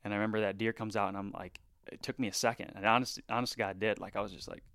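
A man with a smooth, low voice tells a hunting tale on a podcast. He talks in an animated, loose way, full of fillers, and sometimes sinks into hushed asides. The sound is dry and close. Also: rapid-fire, no echo. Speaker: bowhunter guest. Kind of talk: casual podcast storytelling.

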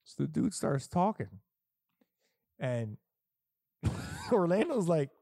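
A man's voice: on the high side, very animated, slow pace, vocal fry, dark tone, no echo, studio quality. A middle-aged man telling stories in casual, profane chat, as a podcast host. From Puerto Rico heritage. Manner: profane, storytelling, emphatic.

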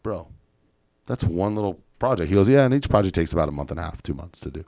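A man's voice: sits low, quick pace, dry recording, studio quality. A man hosting a podcast, telling casual stories with swearing and acted-out dialogue. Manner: animated, swears, acts out quoted dialogue. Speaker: podcast host.

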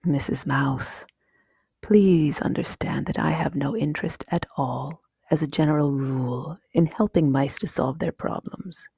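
A woman voicing a large, stern male owl in a slow, formal, measured whispered role-play, husky and close. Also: low voice, warm tone, dry recording, exaggerated voice.

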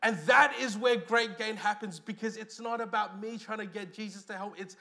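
A man with an Australian accent preaching a sermon as pastor, lively, with loud stresses and quiet asides. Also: sits high, normal speed, few pauses.

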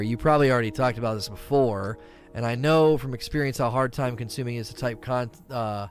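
A man streaming live, reading viewer questions and rambling through his answers in a casual chat. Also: mid-range voice. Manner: animated, rambling, reads chat questions aloud.

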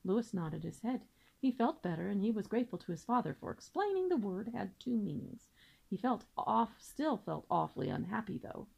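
A woman teacher reading a children's book aloud with gentle, steady storytelling. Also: mid-range voice, moderate pace, creaky, husky, low-quality recording.

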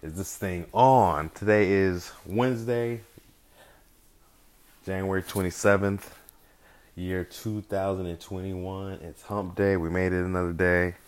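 A man's voice: sits low, steady tone, a little slow, smooth. A man hosting a podcast solo in a casual, rambling way, with loose slang and frequent swearing. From California. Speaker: podcast host.

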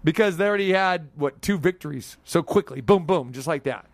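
Animated male sports radio host. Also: fairly high pitch, a little fast, dry recording. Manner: animated, joking, rambling. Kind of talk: casual sports radio banter.

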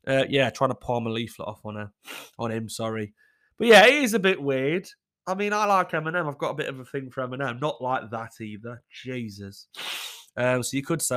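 A man's voice: medium pitch, sing-song, a little fast, sharp tone. Blunt, sweary man. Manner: blunt, swears freely, chatty and candid. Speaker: advice-letter reader. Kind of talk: casual commentary, reading out letters.

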